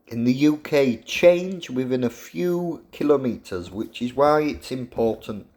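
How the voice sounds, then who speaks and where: A man's voice: mid-range voice, a little mellow. A middle-aged man, a university professor giving a jokey, teasing lecture to his students. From England.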